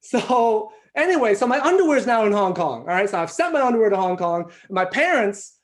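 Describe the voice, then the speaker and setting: A man doing stand-up comedy over a video call from home, telling a story in an animated, self-mocking way and swearing freely. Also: high voice, a little fast.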